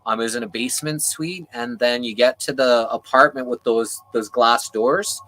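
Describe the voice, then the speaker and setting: Bright-voiced man telling a personal story. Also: mid-range voice, moderate pace, rough recording. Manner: animated, voice rising with anger, swears casually. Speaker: panel guest. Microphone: video call.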